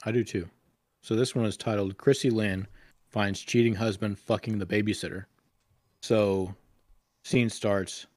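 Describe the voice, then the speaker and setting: A man's voice: lowish voice, fairly even intonation, unhurried, long pauses, a little mellow, no room sound. A man co-hosting a casual podcast, retelling scenes in a crude, rambling way full of swearing. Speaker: podcast co-host.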